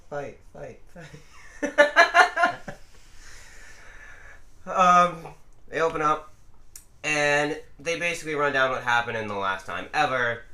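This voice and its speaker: Brief: podcast host, bright forceful male voice, laughs a lot, echoey room. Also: fairly high pitch, very animated, takes it slowly, long pauses. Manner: giggly, teasing, rambling. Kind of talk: casual wrestling podcast chat.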